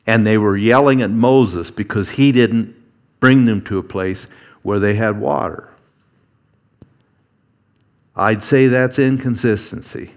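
A pastor delivers a sermon slowly and haltingly, restarting often, and acts out quoted figures with a rising voice. His voice sits on the low side.

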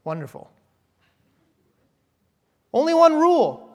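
A man's voice: very high voice, big pitch swings, slow, in a large hall. A man preaching a sermon in a church, talking conversationally with playful asides to the congregation. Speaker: pastor.

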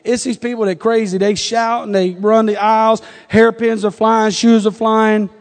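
A male preacher with a strikingly high voice tells his story from the pulpit, casual and chatty, slipping in jokes as he goes. His words ring out through a church with a long, lingering reverb. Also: flat delivery, normal speed. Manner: conversational storytelling with humorous asides. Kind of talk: sermon. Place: church sanctuary.

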